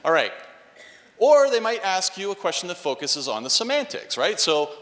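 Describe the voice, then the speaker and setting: A man lecturing in a university hall, his bright voice ringing with a long echo. He talks with lively ups and downs, tags points with quick checks, and coaxes replies from the room. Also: high-pitched. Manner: animated, frequent "right?" tags, coaxes audience responses.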